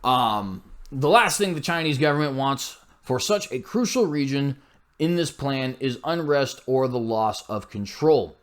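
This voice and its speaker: A man's voice: medium pitch, expressive, measured pace. A man hosting a commentary show, reading news aloud with blunt, scornful asides and frequent slips and self-corrections.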